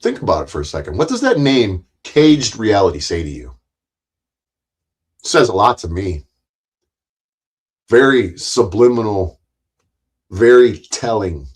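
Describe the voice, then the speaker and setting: A man with a fairly low voice rants on a livestream. He swears nonstop and turns sarcastic and mocking. He keeps hammering his points by repeating them. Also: very animated, measured pace, pauses often. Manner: angry, sarcastic, swears constantly. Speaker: livestream host. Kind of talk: profane livestream rant.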